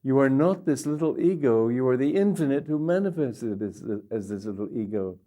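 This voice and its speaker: Older guy, spiritual teacher, mellow warm tone, reflective chat w/ a little humor. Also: medium pitch, animated, moderate pace. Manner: reflective, gently humorous, quotes others in little voices. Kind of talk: spiritual talk.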